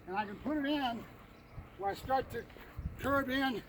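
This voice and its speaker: A man's voice: extremely high pitch, moderate pace, long pauses, fairly bright tone. A man working as a dog trainer outdoors, explaining drills and calling out short commands to his dog, often tagging on "right?". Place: outdoors by a fence and a building. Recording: distant mic with noticeable outdoor noise.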